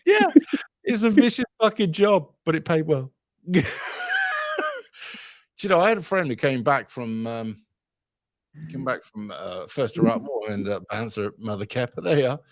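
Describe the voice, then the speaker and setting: Man, livestream host, casual rambling chat, sweary, animated pitch, dry close sound. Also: moderate pace, long pauses, no room sound.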